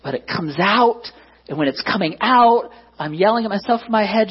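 A man's voice: high-pitched, expressive, a little fast, breathy edge, lo-fi sound. A man preaching a conversational sermon as pastor, often asking the congregation to agree. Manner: conversational, self-deprecating, asks the congregation for agreement. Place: church.

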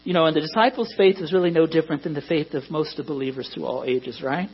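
Speaking quickly in a slightly high, somewhat rough voice, a pastor delivers a conversational sermon that rises to emphatic moments. Mains hum runs through the dull, lo-fi recording.

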